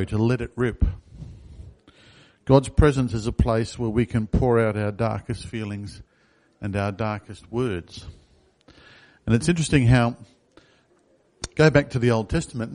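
A man's voice: mid-range voice, a little slow, a little mellow. Conversational male preacher. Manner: conversational, asks the congregation questions. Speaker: pastor. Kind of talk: sermon.

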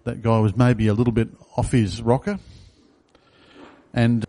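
A man's voice: medium pitch, little pitch movement, measured pace, mellow. A man preaching a sermon in a conversational way, asking the congregation questions. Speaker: pastor.

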